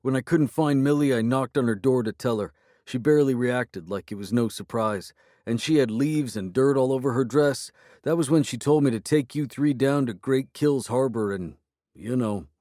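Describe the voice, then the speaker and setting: A man voicing a shaken, plain-spoken young henchman who is rough but decent, speaking uneasily in an audiobook. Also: medium pitch, normal speed, dark tone, no room sound, studio quality, voice pushed up, natural voice. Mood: uneasy.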